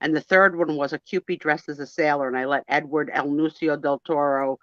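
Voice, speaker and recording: A woman's voice: deep voice, steady tone, a little fast, no room sound. Woman, chatty, joking, casual live-sale chat, dry slightly muffled audio. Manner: chatty, jokey, self-mocking. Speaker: co-host of a live vintage sale. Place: home, selling vintage items on a live stream.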